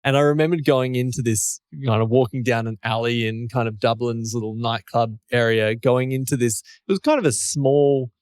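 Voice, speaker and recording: A man's voice: medium pitch, normal speed, hardly any pauses, darkish tone, clear, resonant tone, no room sound, clean studio sound. A man, co-hosting a casual chat and explaining his thoughts at length with small restarts. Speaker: podcast co-host.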